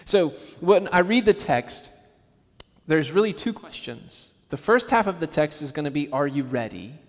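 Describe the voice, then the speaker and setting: A man preaching a sermon to his congregation in a conversational, animated way, acting out little quotes as he goes. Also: fairly high pitch, moderate pace. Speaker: pastor. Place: church sanctuary. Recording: church hall with long reverb.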